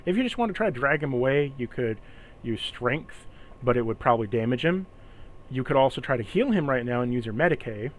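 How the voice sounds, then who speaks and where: A man runs a tabletop game, walking the players through the rules one step at a time. His voice sits at a middle pitch, with a faint hiss in the background of the voice chat. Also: animated, fairly quick. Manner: explains rules patiently, step by step. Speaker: game master.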